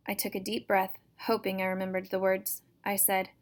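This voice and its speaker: A woman reads a first-person chapter book aloud for her students. Her delivery is steady and even, with a notably flat, narrow pitch. The sound is a plain home recording. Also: moderate pace, few pauses. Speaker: teacher reading to students.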